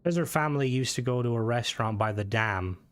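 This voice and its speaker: A man's voice: mid-range voice, clear, resonant tone. Rambling man streaming games. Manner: rambling, swearing, many halting restarts. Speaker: game streamer. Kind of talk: casual gaming stream commentary.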